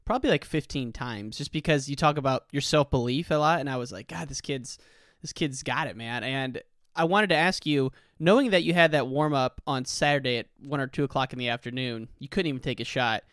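A man's voice: medium pitch, fairly quick, fairly bright tone, clear, resonant tone, dry recording, studio quality. A man hosting a podcast, asking questions in a laid-back, casual way and calling his guest "dude". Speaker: podcast host. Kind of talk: casual interview chat.

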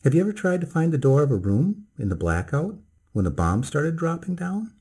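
Cheerful middle-aged country doctor, clipped and teasing, mellow husky voice; a man voicing him. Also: fairly high pitch, very animated, pitched above the performer's own voice, full character voice. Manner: brisk, teasing, clipped speech. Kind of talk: storybook reading.

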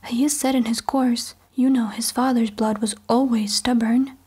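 A woman voicing a subdued queen mother who speaks quietly and deferentially. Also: fairly high pitch, steady tone, moderate pace, breathy edge.

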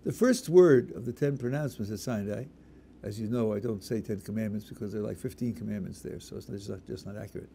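A man's voice: fairly low pitch, quick pace, creaky, mellow, a little hiss or hum. A man, a rabbi, answering audience questions in a lecture, emphatic and explaining with worked examples and repeated stresses.

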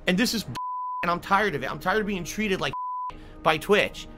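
A man's voice: high-pitched, animated, normal speed, pauses often, music in the background. A male streamer ranting angrily and swearing, full of indignant outbursts. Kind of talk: angry stream rant.

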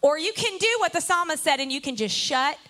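A woman pastor telling a story in a sermon, animated and playful with her congregation. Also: high-pitched, brisk. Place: church service.

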